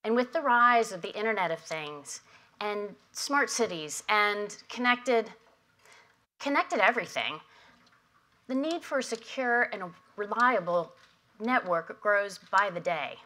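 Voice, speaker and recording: Woman, prepared keynote, podium mic, bright voice, emphatic. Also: mid-range voice, lively intonation, measured pace. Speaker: industry association head giving opening remarks. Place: conference hall.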